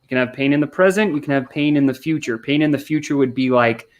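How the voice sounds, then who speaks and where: A man's voice: mid-range voice, fast talker, dull audio. A man on a podcast explaining sales questions, talking energetically and acting out customer replies with frequent restarts. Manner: energetic, acts out customer quotes, many restarts. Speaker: sales coach guest. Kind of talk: podcast conversation.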